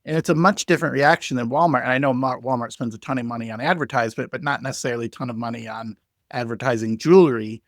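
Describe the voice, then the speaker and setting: A man's voice: medium pitch, fast, dry recording, studio quality. A man hosting a podcast, asking questions as he thinks them through aloud. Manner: thinks aloud while asking, restarting sentences. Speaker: podcast host. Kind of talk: interview questions.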